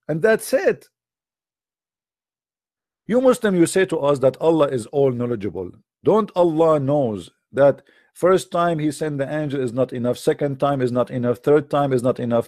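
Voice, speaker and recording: A man with a fairly high voice, recorded dry and close, delivering a sarcastic live-streamed debate talk. He fires off mocking rhetorical questions in broken English and needles his listeners. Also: a little mellow, dry recording. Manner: non-native broken English grammar. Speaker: religious debater.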